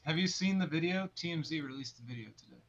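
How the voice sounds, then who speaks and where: A man co-hosting a comedy podcast, talking casually in a dismissive, deadpan, profane way. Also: fairly high pitch, fast talker, dull audio. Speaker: podcast co-host.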